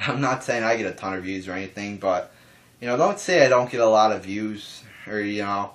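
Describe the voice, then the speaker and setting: Rambling young man, calm and low. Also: normal speed. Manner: rambling with many restarts and fillers, swears casually; calm, even talking voice. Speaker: wrestling YouTuber. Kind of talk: casual response vlog.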